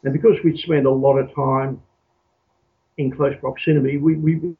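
A man from Australia telling his story as an interview guest, halting and repeating words as he thinks. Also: a little high, vocal fry, breathy edge. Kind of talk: reflective storytelling. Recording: tinny phone-like call audio.

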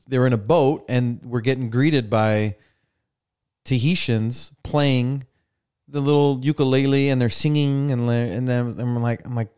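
Into a studio microphone, a young man hosts a casual podcast chat, animatedly voicing the people in his stories. His medium-pitched voice has a clean tone.

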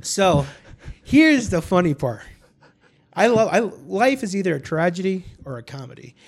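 A man hosting a casual podcast, his voice gravelly with frequent vocal fry. He sits fairly high for a man and rambles through a story. He swears freely and keeps restarting his sentences. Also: big pitch swings, normal speed. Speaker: podcast host. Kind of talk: casual chat.

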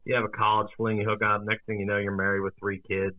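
Low-voiced man on a tinny line. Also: fast talker, no echo. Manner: relaxed, hesitant, with fillers and restarts. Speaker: podcast co-host. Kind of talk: casual sports betting chat.

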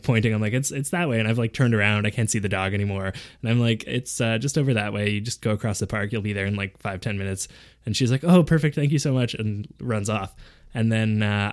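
A young man hosting a podcast, telling a story in a casual, animated way and often breaking into laughter. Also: fairly low pitch. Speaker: podcast host.

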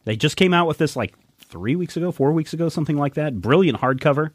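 A man's voice: fairly high pitch, lively intonation, fast, no room sound, clean studio sound. A man hosting a podcast, talking enthusiastically about comics in a casual, rambling way. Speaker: podcast host.

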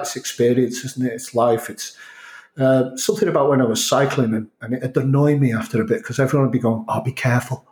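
A middle-aged interview guest from North Wales talks reflectively in a casual conversation, his North Welsh accent touched by Scouse and Manchester. His mid-range, slightly mellow voice rambles and often restarts sentences, heard in a reverberant space with slight background noise.

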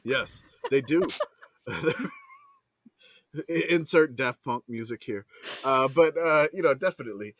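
A man hosting a casual podcast chat, excitable, swearing and laughing as he talks. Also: mid-range voice, measured pace, pauses often, no room sound. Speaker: podcast host.

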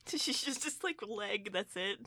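A woman's voice: medium pitch, expressive, moderate pace, bright, forceful tone, no echo, clean studio sound. A woman hosting a podcast, teasing her co-host between giggles. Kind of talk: casual chat. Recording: noisy background.

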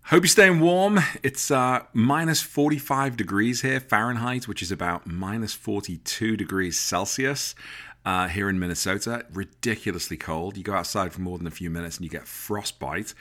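A man's voice: low voice, a bit bright. An English man in his thirties hosting a casual podcast, chatty and jokey as he wraps up the episode. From Britain. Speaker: podcast host.

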